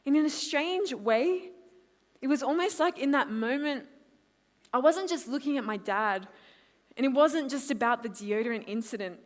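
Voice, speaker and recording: A woman in her twenties with an Australian accent, a conference speaker giving a lively testimony talk and acting out her own quotes. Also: sits high, moderate pace. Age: 20s. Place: large hall. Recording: long hall reverb.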